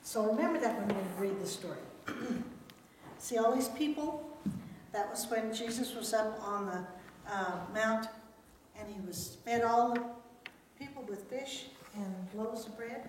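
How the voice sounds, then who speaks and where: Slow-spoken woman telling a Bible story to kids. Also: a little high, far from the mic, a little hiss or hum. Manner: gentle, asks the children questions. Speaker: children's sermon leader. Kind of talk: children's Bible story reading. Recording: very echoey room.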